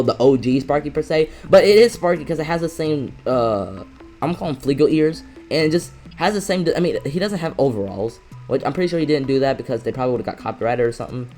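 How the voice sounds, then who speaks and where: A young man giving a casual movie review on camera, excitable and rambling, often restarting his sentences. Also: on the high side. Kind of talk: casual reaction rant. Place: indoors, filming himself.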